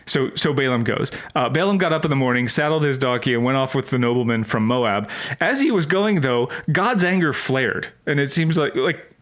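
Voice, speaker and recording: A man's voice: mid-range voice, expressive, normal speed, hardly any pauses, a bit bright. A man co-hosting a podcast, reading scripture aloud and cracking playful jokes about it in casual chat. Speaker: podcast co-host.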